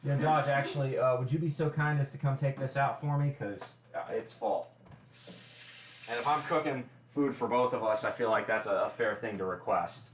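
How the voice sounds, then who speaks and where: A man's voice: mid-range voice, moderate pace, reverberant, a little hiss or hum. A man hosting a casual cooking livestream, chatty and explaining each step with wry asides, recorded in a home kitchen. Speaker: livestream host.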